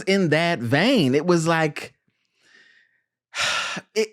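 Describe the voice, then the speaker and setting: A podcast host in casual film review chat, animated and joking with quick asides. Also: mid-range voice, no echo, studio quality.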